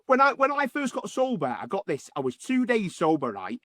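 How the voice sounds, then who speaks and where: A man's voice: sits high, huge pitch swings, fairly quick, a bit bright, no room sound, studio quality. A man, a podcast host talking in a casual, heartfelt way who repeats phrases for emphasis.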